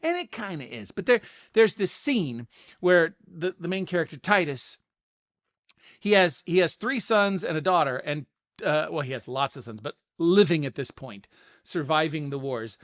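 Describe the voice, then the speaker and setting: A middle-aged man hosting a casual podcast, talking through ideas in an animated way and often repeating words as he thinks. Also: a little high, normal speed. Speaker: podcast host. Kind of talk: casual spoken commentary.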